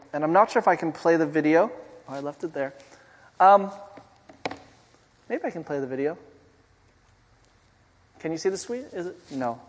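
A man preaching a sermon in a conversational way, often asking the congregation rhetorical questions. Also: sits high. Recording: long hall reverb.

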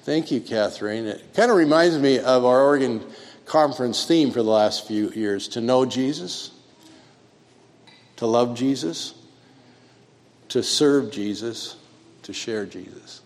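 Man, pastor leading a sermon, halting delivery full of fillers, long church reverb. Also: mid-range voice.

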